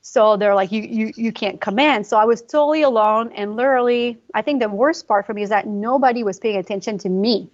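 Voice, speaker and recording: A woman with a fairly high voice tells a personal story on a podcast, fast and emotional, with lots of fillers. The audio sounds a little dull and lo-fi. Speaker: guest, pre and postnatal fitness coach. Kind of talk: conversational podcast interview.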